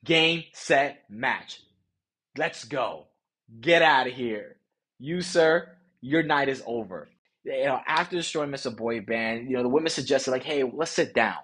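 Male podcast host, husky voice, animated casual storyteller, slangy. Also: medium pitch. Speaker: podcast host, dating coach.

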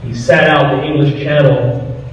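A man's voice: fairly high pitch, steady tone, moderate pace, a little hiss or hum. A middle-aged man with a Southern American accent, telling stories to a live audience as a retired firefighter, earnest and acting out the voices he quotes. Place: firehouse hall. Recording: distant, echoey, dull hall recording.

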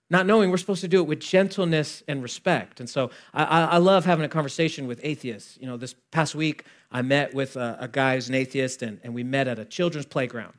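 A male pastor delivers a sermon in a lively, conversational way, voicing both sides of a dialogue and shifting between loud emphasis and quiet asides. His pitch sits on the high side and he talks a little fast.

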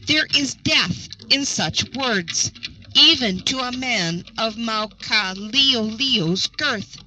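A woman's voice: fairly high pitch, expressive, slow pace, pushed and bright, heavily acted, low-quality recording. A woman reading the lines of a kind, earnest young prince in a storybook tale.

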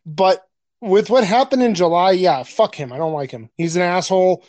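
A man's voice: high voice, normal speed, darkish tone, dry recording, lo-fi sound. A man co-hosting a podcast in casual chat, crude and joking, laughing often and stumbling over his words. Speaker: podcast co-host.

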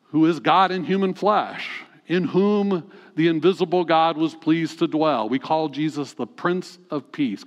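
Pastor preaching in an echoing sanctuary. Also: male voice, on the high side, lo-fi sound. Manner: conversational preaching with rhetorical questions to the congregation. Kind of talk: sermon.

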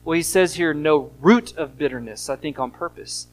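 A man preaching a sermon as pastor, teaching earnestly and slowing down to stress key phrases. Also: on the high side, faint music behind, rough recording.

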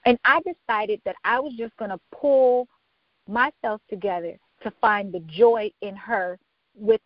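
A woman's voice: mid-range voice, no echo, highs cut off. A woman guest on a podcast, telling her story earnestly and acting out quoted voices. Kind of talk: casual interview chat.

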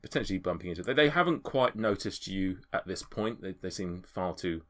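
Male game master, very low voice, halting narration full of ums. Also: expressive, a bit bright. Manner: hesitant, many fillers.

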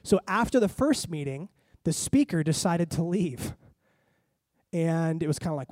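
A man pastor preaching a sermon, telling a story with lively asides and acting out his own reactions. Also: a little high, measured pace, no echo. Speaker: lead pastor.

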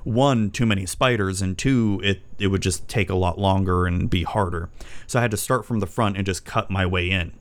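A man's voice: deep voice, normal speed. A middle-aged man casually ranting as a vlogger, profane, rambling and exasperated as he tells a story. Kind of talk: casual rant. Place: home.

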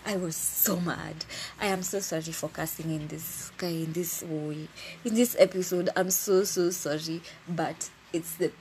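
Woman podcast host, slow and lowish voice, casual storyteller who cusses when annoyed. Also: a little hiss or hum. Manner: animated, exasperated, swears freely.

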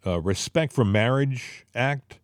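A man's voice: medium pitch, expressive, slow, dry recording, studio quality. Indignant Boston-accented male talk host. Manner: rambling, indignant, with many fillers. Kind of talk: casual political chat.

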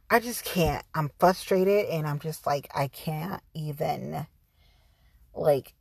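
A woman's voice: on the low side, husky, no echo. A woman hosting her own podcast, talking candidly and profanely straight to her listeners in a casual monologue. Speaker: podcast host.

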